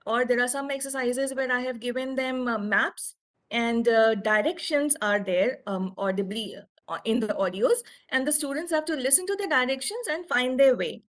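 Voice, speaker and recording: Hesitant Indian English teacher. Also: female voice, high voice, expressive, moderate pace, fairly bright tone. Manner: hesitant, many fillers. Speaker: teacher presenting at a workshop. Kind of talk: explaining teaching methods to other teachers.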